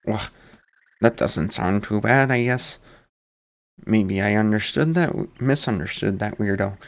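A man reading a brawny, hot-headed male warrior in a rough, folksy, taunting brogue, in a low, creaky voice. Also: unhurried. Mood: gruff.

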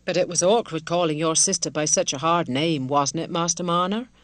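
A woman with a low voice, speaking a little fast, lightly acts the role of a middle-aged village wife in an audiobook. The character is kindly, simple and devout, and she comes across as earnest and motherly in a homely country dialect. There's no echo.

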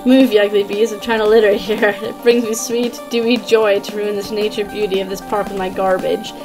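A woman voicing a whiny, taunting male bully in an indie game, loud and complaining. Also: medium pitch, level tone, brisk, music in the background, close to an everyday voice. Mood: gloating.

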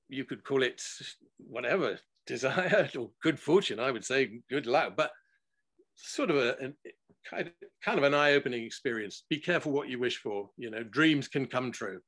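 A man recording engineer talking in a relaxed, chatty interview, laughing often and using many fillers, over a video call. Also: medium pitch. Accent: none regional, no Scottish accent. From born in Gibraltar, grew up worldwide.

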